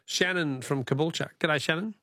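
A man's voice: on the high side, normal speed, bright, forceful tone, no echo, studio quality. An Australian man hosting a talkback radio quiz, chatty and laughing often, patiently repeating the question for callers.

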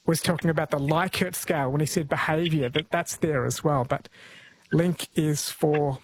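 A man's voice: a little high, fairly even intonation, moderate pace, a little hiss or hum. A man hosting a call-in radio quiz, friendly and chatty, laughing easily.

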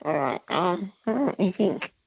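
A woman's voice: fairly low pitch, animated, slow pace, gravelly, breathy edge, dull audio. A woman calling into a radio quiz, laughing and thinking aloud over her answers. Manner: laughing, hesitant. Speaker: caller.

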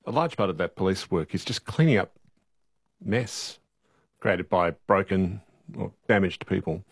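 A man interviewing a guest, asking measured, probing questions. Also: sits low, vocal fry, breathy edge, dry recording, clean studio sound.

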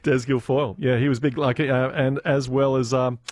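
A man with an Australian accent hosting a radio show, chatting and reminiscing, quick to laugh. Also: mid-range voice, fairly even intonation, a little mellow, no room sound, studio quality. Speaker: radio host. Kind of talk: casual radio chat. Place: radio studio. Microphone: close studio mic.

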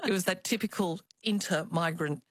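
Older woman, low voice, reminiscing. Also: moderate pace, dry recording, studio quality. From Australia. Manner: warm reminiscing with small hesitations. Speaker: interview guest. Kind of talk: reflective storytelling.

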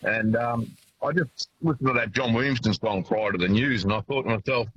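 A man with an Australian accent phoning in to a radio show while driving, halting and repeating his words between fillers. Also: mid-range voice, fairly bright tone, breathy edge, no echo. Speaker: caller. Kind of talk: phone-in chat from a car. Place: driving in a car. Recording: dull phone line with faint noise.

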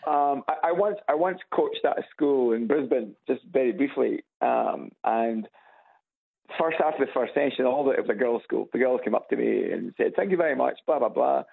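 Scottish man from Edinburgh calling a radio show, easygoing and hesitant, raspy over a tinny loudspeaker phone. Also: mid-range voice, normal speed. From Scotland. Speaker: caller. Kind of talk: casual phone chat.

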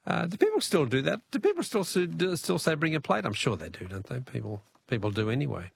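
A man's voice: fairly high pitch, very animated, fairly quick, vocal fry, slight background noise. A man with an Australian accent hosting a casual talkback radio quiz, chuckling as he reads out listener messages.

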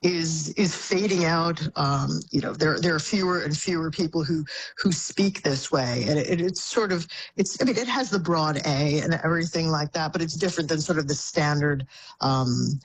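A woman's voice: low-pitched, moderate pace, a little hiss or hum, poor audio. A woman speaking as a guest commentator, explaining things thoughtfully with frequent restarts and fillers. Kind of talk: conversational explaining. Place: Boston area.

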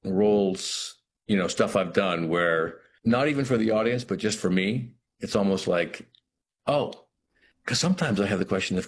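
A middle-aged man with a very low voice, talking slowly and reflectively as an interview guest. He stops and restarts his phrases often, leaning on "you know" while he searches for the word. A faint background hum sits behind him. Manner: thoughtful, halting, many restarts and "you know".

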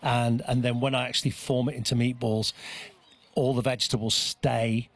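A man's voice: mid-range voice, little pitch movement, moderate pace. Hesitant man explaining recipes. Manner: hesitant, many restarts and fillers. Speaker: guest chef. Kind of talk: casual radio chat. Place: outdoor dog park.

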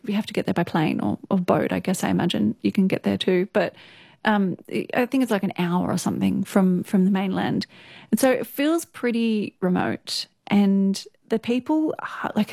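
A woman's voice: medium pitch, moderate pace, gravelly, darkish tone, no room sound, studio quality. A young Australian woman telling stories as an interview guest, chatty and laughing often, full of "like" fillers. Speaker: interview guest, news presenter. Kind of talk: casual storytelling interview.

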